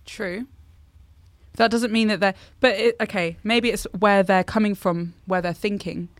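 A young woman with a mid-range voice thinks aloud in a relaxed podcast chat, posing questions softly. The recording is close and dry. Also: mid-range voice, unhurried, no room sound. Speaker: podcast co-host.

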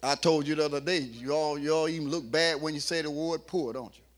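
A man preaching a sermon in a humorous, playful way, coaxing the congregation and building up to shouts at his peaks. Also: on the high side, fairly even intonation, fairly quick. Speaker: pastor.

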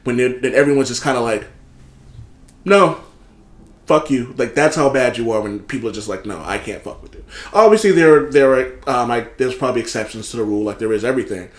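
Animated storytelling man in an echoey room. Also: medium pitch, fairly quick. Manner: animated, swearing, acts out quotes in other voices. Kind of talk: casual storytelling chat.

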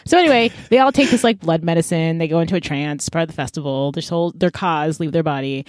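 A woman's voice: low voice, quick pace, a little mellow, no room sound, clean studio sound. A young woman co-hosting a book podcast, recapping the plot in a casual, playful way and acting out the characters' lines. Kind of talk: casual chat summarizing a book.

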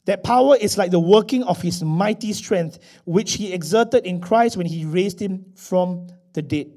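A man preaching a sermon, swinging from loud emphasis to quiet asides and acting out little scenes. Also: high-pitched, unhurried. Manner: animated, acts out little scenes with voices. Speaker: pastor.

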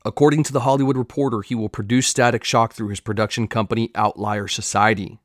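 A man's voice: on the low side, fairly even intonation, fast talker, no room sound, studio quality. A man hosting a solo podcast in a casual chat, loose and profane, with jokey asides. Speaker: podcast host. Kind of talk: casual solo podcast chat about comics and film news.

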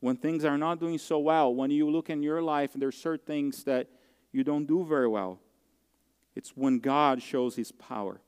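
Earnest pastor preaching in a reverberant hall. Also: male voice, a little high, a little mellow, clear, resonant tone. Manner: earnest, heartfelt storytelling with halting restarts. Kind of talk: sermon.

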